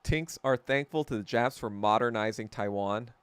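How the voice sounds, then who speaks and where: A podcast host delivers a casual, heated, profane rant, rambling and frequently correcting himself mid-thought. His voice is medium in pitch with a clear, resonant tone, at a moderate pace, with no echo.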